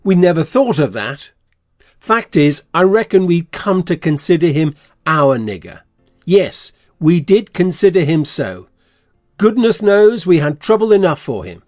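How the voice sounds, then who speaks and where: An actor playing a scheming, bossy swindler in an audiobook, blustering and threatening. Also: male voice, fairly high pitch, big pitch swings, measured pace, a little mellow, no echo, studio quality. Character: scheming middle-aged male swindler, gruff and bossy. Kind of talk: audiobook character reading.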